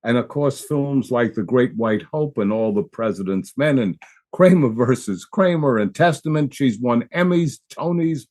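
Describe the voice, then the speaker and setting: A man's voice: mid-range voice, expressive, normal speed, darkish tone. A man co-hosting a podcast, enthusiastically describing an upcoming guest in casual chat. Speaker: podcast co-host.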